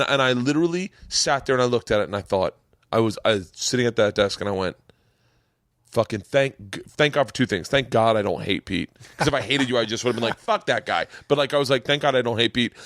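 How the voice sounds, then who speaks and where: A man's voice: medium pitch, dry recording, clean studio sound. A man hosting a podcast, telling a story in a rambling way, repeating words and getting emotional. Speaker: podcast host. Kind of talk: casual chat. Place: home podcast studio.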